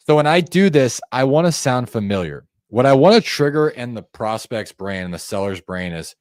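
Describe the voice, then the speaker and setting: A man's voice: lowish voice, a little mellow, no echo, clean studio sound. A man teaching sales call technique, talking viewers through a script and acting out how each line should sound. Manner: coaching, demonstrates phone tones by acting out calls; conversational, addresses viewers directly. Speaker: sales trainer. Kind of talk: instructional screen-share walkthrough.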